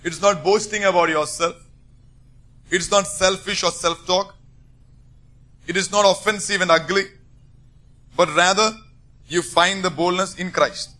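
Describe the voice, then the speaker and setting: Male preacher, high bright voice, emphatic sermon delivery. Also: fairly even intonation, measured pace, long pauses. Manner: emphatic, rising to forceful bursts.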